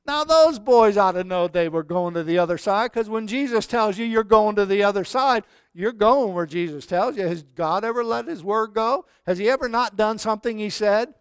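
A man preaching a sermon in a folksy way, swinging from loud calls to hushed lines. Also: high voice, moderate pace, hardly any pauses, smooth, no room sound. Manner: folksy, swells loud then drops to near whispers. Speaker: pastor.

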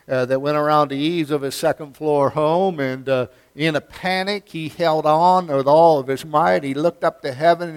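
A pastor preaching a sermon in a church, moving from folksy storytelling to emphatic preaching. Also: male voice, on the high side, clean tone.

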